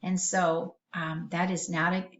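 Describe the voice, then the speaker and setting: A woman teaching a vocabulary lesson to children in a gentle, sing-song way. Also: fairly low pitch, flat delivery, measured pace, reverberant, highs cut off, a little hiss or hum.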